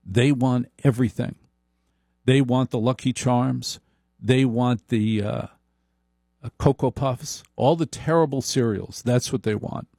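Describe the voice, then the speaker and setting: A man holding forth in a slow, deliberate comic monologue with a wry edge. His voice has a gravelly fry and a dark, mellow tone, recorded dry and close. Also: mid-range voice, no echo.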